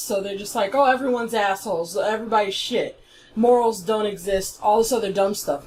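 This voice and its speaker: A YouTube commentator, a woman, rants as she picks apart an online argument, blunt and heated and swearing freely. Her voice is a little high and slightly mellow, with a bit of background noise.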